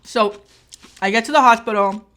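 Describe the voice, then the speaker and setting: High-voiced woman telling a lively story. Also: moderate pace. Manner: animated storytelling, acting out her own shouts and others' lines. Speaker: vlogger. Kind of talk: storytime while eating.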